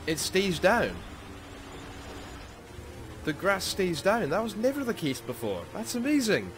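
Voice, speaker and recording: A man with a Scottish accent giving casual, excitable commentary over gameplay as a gaming YouTuber. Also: high voice, slow, background noise. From Scotland. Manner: excitable, exclaims often.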